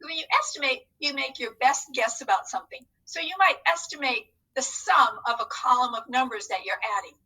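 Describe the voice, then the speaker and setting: A woman's voice: sits high, lively intonation, fairly quick, hardly any pauses, sharp tone, distant mic, rough recording. A woman teacher leading a recorded phonics lesson, upbeat and coaxing as she talks to unseen students.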